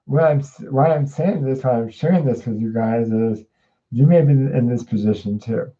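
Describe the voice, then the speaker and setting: A man's voice: mid-range voice, moderate pace, warm tone, lo-fi sound. A man hosting a casual livestream tarot reading, rambling with lots of fillers and restarts as he chats with viewers. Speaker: host.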